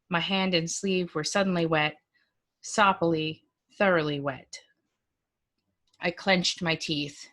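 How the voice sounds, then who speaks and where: A woman, a librarian, reading a first-person story aloud in a measured, dry, expressive way. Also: lowish voice.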